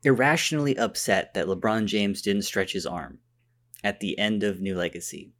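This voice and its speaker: A man's voice: lowish voice, moderate pace, fairly bright tone. A man co-hosting a podcast, chatting casually and restarting his sentences often. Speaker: podcast co-host. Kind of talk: casual chat.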